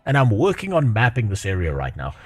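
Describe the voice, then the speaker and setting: A man's voice: lowish voice, wildly swooping pitch, brisk, no echo. A man reading as a chatty bug mapmaker. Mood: friendly. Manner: reading game dialogue aloud. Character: chatty male bug mapmaker, cheerful wanderer.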